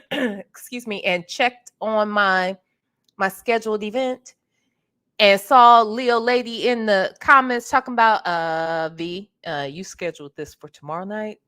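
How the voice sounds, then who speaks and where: A slightly hoarse woman hosting a casual late-night livestream, chatty and greeting viewers by name, calling them honey. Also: mid-range voice, fairly bright tone. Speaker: livestream host.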